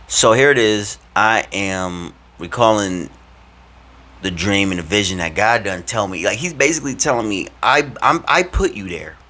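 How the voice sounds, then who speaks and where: A man vlogging a casual spiritual story in lively slang, often leaping into acted quotes. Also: low voice.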